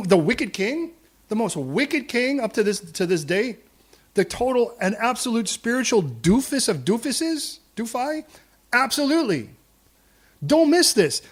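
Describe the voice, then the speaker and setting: A male preacher delivers a sermon in a church, animated and full of jokes. His voice sits fairly high for a man. He slips readily into acted voices for the figures he describes. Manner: lively and humorous, acts out quoted voices. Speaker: pastor.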